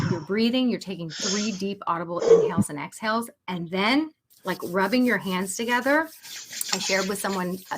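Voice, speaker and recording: A woman coaching parents in a live webinar, chatty and animated, talking straight to her audience. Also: lowish voice, slight background noise.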